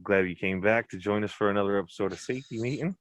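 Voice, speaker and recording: Deep-voiced rambling male podcast host. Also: fast talker, dry recording. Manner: rambling, swears freely, restarts sentences. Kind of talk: casual chat.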